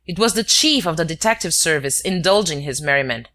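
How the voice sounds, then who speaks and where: A narrator giving a measured, scripted reading of a detective novel. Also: mid-range voice, expressive, bright, forceful tone. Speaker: audiobook narrator.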